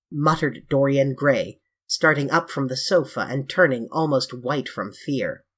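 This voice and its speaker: Husky-voiced classic novel narrator. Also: mid-range voice, unhurried, few pauses. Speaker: audiobook narrator. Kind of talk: classic novel audiobook reading.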